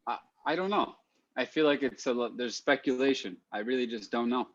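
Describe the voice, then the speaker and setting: A man's voice: mid-range voice, fairly quick, no echo. Man thinking aloud on muffled audio. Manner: thinking aloud, repeats words when restarting. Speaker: podcast guest. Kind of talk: casual chat.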